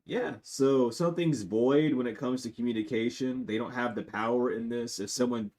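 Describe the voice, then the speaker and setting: Guy doing a tarot reading on a phone stream, cusses a lot, jumps from loud to mumbly. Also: moderate pace. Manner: blunt and profane, swinging between loud outbursts and low mutters. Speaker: tarot reader.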